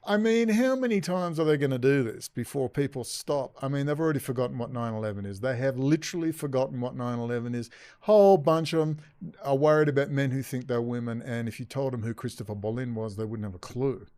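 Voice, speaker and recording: A man's voice: mid-range voice, quick pace, warm tone, clear, resonant tone, no room sound. A man hosting a commentary channel, ranting sarcastically over news clips and swearing often. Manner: sarcastic, swearing, mock-frightened asides.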